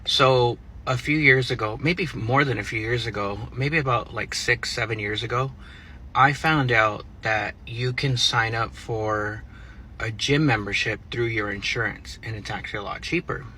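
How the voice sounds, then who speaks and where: A man casually explaining a money-saving tip to viewers, relaxed and a little hesitant. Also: medium pitch, normal speed, a little hiss or hum.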